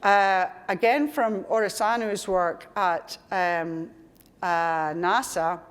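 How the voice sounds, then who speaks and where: A woman's voice: lowish voice, takes it slowly, smooth. Scottish woman giving a chatty lecture. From Scotland. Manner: chatty and digressive, with asides and self-corrections. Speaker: conference speaker. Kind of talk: conference lecture.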